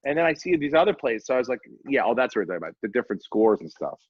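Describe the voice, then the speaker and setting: A man's voice: medium pitch, sing-song, very fast, husky, dry recording, highs cut off. A man in his forties hosting a podcast in casual chat, rambling and profane with self-deprecating asides. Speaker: podcast host.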